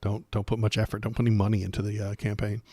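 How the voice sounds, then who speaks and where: A man with a fairly low voice hosts a political livestream, recorded close and dry. He rambles sarcastically, stumbling over restarts and fillers as he riffs. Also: little pitch movement, fast, warm tone, no room sound. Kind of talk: casual political commentary.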